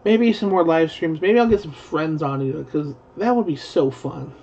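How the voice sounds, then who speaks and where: A man's voice: fairly high pitch, moderate pace, creaky, a little mellow. A young man rambling in a profane live-stream commentary, full of restarts. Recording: dull lo-fi stream audio.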